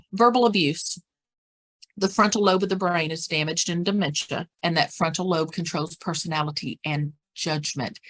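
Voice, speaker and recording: A woman leads a caregiver training session in a slightly low voice. She talks plainly and practically, and she leans on repeated words to drive her points home. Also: a bit bright. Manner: acts out example phrases and whispers. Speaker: dementia care educator. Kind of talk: training presentation.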